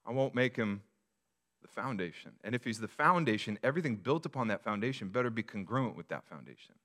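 A man's voice: lowish voice, expressive, fairly quick, a bit bright. A man preaching a sermon to his congregation, in a conversational style with rhetorical questions and frequent restarts. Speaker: pastor.

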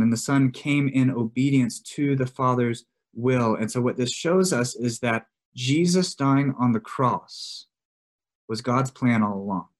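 A pastor preaching a sermon to his congregation, earnest, slowing down on key words and rising as he presses his questions. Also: mid-range voice. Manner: earnest preaching, slows for emphasis, rises when pressing questions.

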